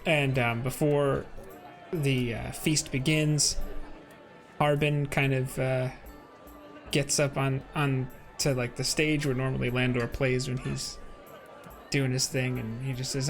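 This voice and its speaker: A man's voice: medium pitch, flat delivery, takes it slowly, soft background music. A man narrating a tabletop game as game master, rambling with many fillers.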